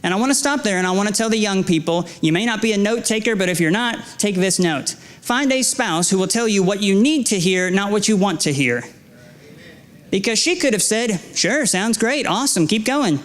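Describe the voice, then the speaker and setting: A man's voice: high voice, expressive, a little fast. A young adult man preaching a sermon as a guest speaker, earnest and exhorting, with repeated phrases, stammered restarts and self-deprecating stories. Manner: restarts and stammers when emphasizing. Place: church sanctuary.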